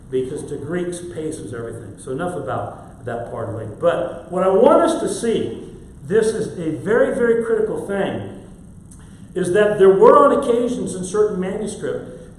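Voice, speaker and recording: A man's voice: on the high side, a little mellow. A man teaching a church Bible class, explaining step by step and asking the class questions. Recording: very echoey room, faint hum.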